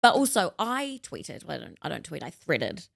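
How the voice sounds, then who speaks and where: A woman's voice: low-pitched, normal speed, vocal fry, dry recording. A woman co-hosting a comedy podcast, her voice swinging up and down with lots of melody. She laughs easily, mocks herself and swears, all recorded close and dry. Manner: animated, laughs often, self-mocking, swears. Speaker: podcast co-host. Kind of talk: casual comedic chat.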